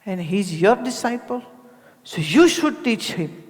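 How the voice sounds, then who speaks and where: A woman from India, a spiritual teacher, gives a conversational talk to an audience in a large hall, posing rhetorical questions and acting out the people she quotes. Her voice is medium-pitched and somewhat dark, with a sing-song lilt and a measured pace. Long hall reverb colors the recording.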